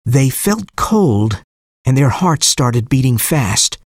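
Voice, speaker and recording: A man reading an audiobook story aloud in a clear, steady storytelling manner. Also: mid-range voice, takes it slowly, no room sound, clean studio sound. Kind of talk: audiobook narration.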